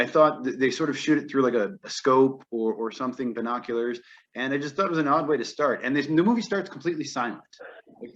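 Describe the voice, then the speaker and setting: A man's voice: mid-range voice, a bit bright. Opinionated man in dull lo-fi audio. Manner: opinionated, wry complaining. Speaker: podcast co-host. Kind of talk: casual film review chat.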